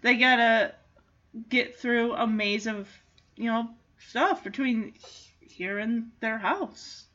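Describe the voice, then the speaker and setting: A woman chatting casually in an amused way as she recaps a movie and does quick character voices. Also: on the high side, sharp tone, dull audio.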